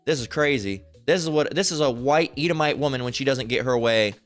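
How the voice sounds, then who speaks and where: A man of ordinary pitch delivers a preachy commentary over video clips. He rambles and circles back on his own phrases, checking in with "all right?" over and over. Faint music plays under his voice. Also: brisk, a bit bright. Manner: rambling, repeats himself, fillers like "all right?". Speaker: religious commentator.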